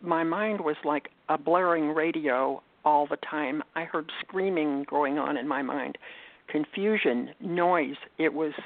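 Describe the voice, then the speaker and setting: An older woman giving an earnest personal testimony as an interview guest, halting and restarting as she talks. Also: low-pitched. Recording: tinny phone line, dry.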